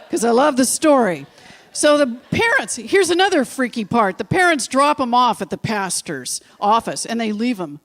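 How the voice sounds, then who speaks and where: A woman minister preaching to her congregation in a church. She tells stories and drives points home through slow, deliberate repetition. She breaks off for chatty, informal asides to the room. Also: medium pitch. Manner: storytelling with slow, emphatic repetitions. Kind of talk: sermon. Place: church sanctuary.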